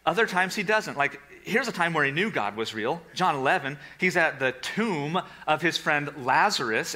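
A man preaching a sermon to a congregation and an online audience, animated, with sarcastic asides and hushed, quiet passages. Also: fairly high pitch. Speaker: pastor. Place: church with a livestream audience.

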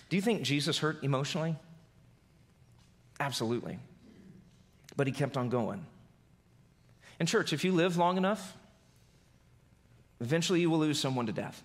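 A man preaching a sermon as pastor, swinging from loud emphasis to soft, low delivery. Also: normal speed, long pauses.

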